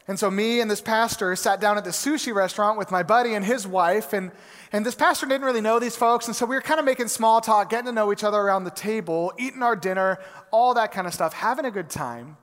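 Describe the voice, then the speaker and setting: High-voiced pastor in a reverberant church. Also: male voice. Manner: animated storyteller, acts out quotes. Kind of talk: sermon with opening prayer and storytelling. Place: church sanctuary.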